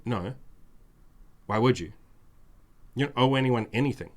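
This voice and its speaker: A male podcast host talking in a loose, casual way. His voice sits at an ordinary middle pitch. He is blunt and swears freely, driving his points home with lists and repetition. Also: normal speed, pauses often. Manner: mimics whiny demands in a raised voice.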